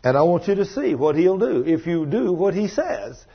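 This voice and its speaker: A man's voice: very animated, normal speed, slightly rough. A man preaching a sermon, telling a story in a folksy way and acting out the voices of the people in it. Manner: folksy storytelling, voices others in high falsetto. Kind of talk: sermon with acted-out dialogue. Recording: dull lo-fi sermon recording.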